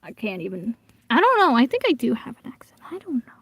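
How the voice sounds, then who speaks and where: A woman's voice: a little high, sing-song, quick pace, breathy edge, no echo. Slangy young woman reading a story aloud. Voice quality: slangy, chatty, breaks off to comment. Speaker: reader. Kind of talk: casual reading aloud of a fan story with commentary.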